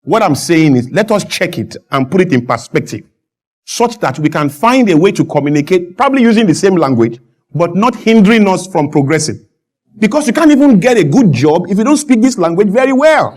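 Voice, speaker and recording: A Nigerian man, a guest on a talk show, arguing with fervour, repeating his points and building up to shouted emphasis. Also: high-pitched, big pitch swings, brisk. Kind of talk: impassioned studio interview.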